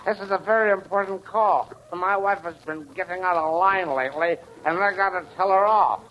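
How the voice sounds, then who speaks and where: A man's voice: high voice, brisk, natural voice. An actor playing a pushy, scatterbrained man who hogs a telephone, in a 1940s radio comedy, talking bossily. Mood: blustering. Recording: dull, hissy 1940s radio broadcast.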